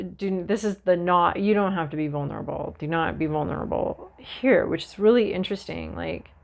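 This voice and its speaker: A woman's voice: fairly low pitch, vocal fry. A woman giving a casual, chatty tarot reading, talking straight to the listener and now and then acting out little voices. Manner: chatty, animated, acts out little voices and asides. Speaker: tarot reader.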